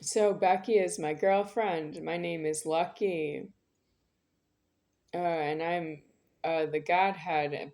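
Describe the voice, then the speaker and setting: A woman with a somewhat low-pitched voice talks on in a long rambling monologue. She is insistent and keeps looping back to repeat the same phrases. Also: darkish tone.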